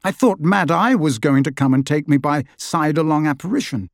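A man's voice: a little high, lively intonation, moderate pace, vocal fry, dry recording, clean studio sound, voice pushed up. A man voicing an earnest, urgent teenage boy wizard. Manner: urgent, insistent.

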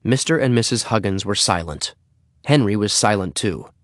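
A man reading a children's story aloud in an expressive way. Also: lowish voice, normal speed, dry recording, clean studio sound. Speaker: narrator.

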